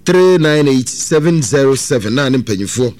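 A man's voice: medium pitch, lively intonation, moderate pace, a little mellow. Casual: radio host guy, normal voice, repeats numbers back to the caller. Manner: echoes the caller's numbers and answers with short affirmations. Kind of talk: radio talk show hosting.

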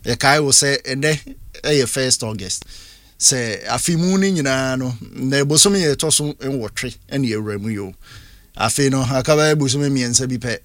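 A man with a Ghanaian accent hosting a radio phone-in, briskly inviting listeners to call in. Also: mid-range voice, fairly bright tone, no echo. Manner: brisk, reads out phone numbers and invites callers. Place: radio studio.

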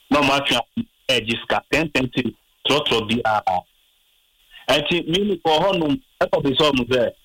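A man's voice: mid-range voice, a bit bright, no echo, rough recording. A man calling in to a radio show and steadily reporting a complaint. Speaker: caller. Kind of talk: call-in report.

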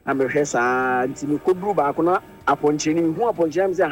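A Ghanaian man with a slightly high voice tells a childhood story in a relaxed chat and quotes what each person said. Faint music runs underneath. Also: brisk, few pauses. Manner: recounts a childhood memory with quoted dialogue. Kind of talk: casual storytelling.

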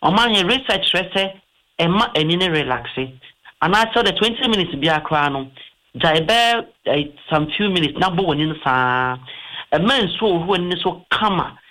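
A man's voice: high voice, lively intonation, moderate pace, pushed and bright, rough recording. A man with a Ghanaian accent, an eye doctor giving health advice on a talk show, explaining patiently and mixing in English terms.

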